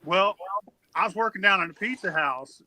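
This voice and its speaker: Guy on a podcast, high bright voice, cussing his way thru a wild story. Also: normal speed, no echo. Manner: profane, animated storyteller acting out quotes. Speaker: podcast co-host. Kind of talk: casual storytelling.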